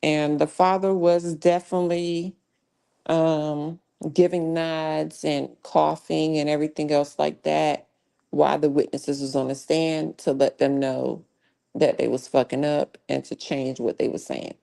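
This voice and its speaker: Low gravelly-voiced livestream host woman. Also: level tone, measured pace, warm tone. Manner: blunt, heavy cussing, slangy. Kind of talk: true crime live commentary.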